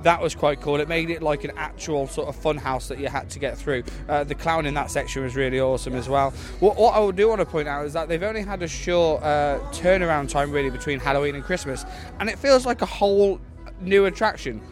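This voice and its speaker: A man's voice: on the high side, brisk. An upbeat man reports from a scare attraction, his voice a little raised and full of "uh"s. Faint music plays under him. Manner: upbeat, filler-heavy. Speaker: host, reporter. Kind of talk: on-location interview.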